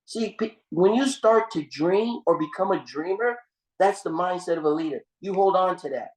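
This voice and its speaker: Speaking at a moderate pace in a high-pitched voice, this seminar speaker preaches through a motivational story, addressing listeners as "gang" and repeating himself. His telling is full of restarts and emphatic swings, and the recording carries a roomy echo.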